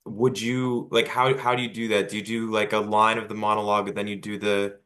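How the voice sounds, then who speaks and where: A man's voice: on the low side, little pitch movement, fairly quick, fairly bright tone. A man asking his acting teacher a question, hesitant and searching for words. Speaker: acting student.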